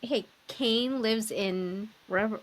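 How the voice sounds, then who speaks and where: A woman co-hosting a podcast chats in a loose, giggly way, filling her talk with little fillers. Her voice sits a bit high. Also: slow. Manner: giggly, chatty, filler-heavy. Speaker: podcast co-host. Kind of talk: casual podcast interview.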